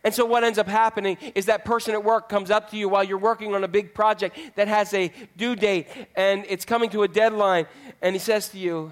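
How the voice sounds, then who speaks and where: A man's voice: sits high, steady tone, a little fast. A male pastor preaching a sermon in a conversational way, often putting questions to the congregation.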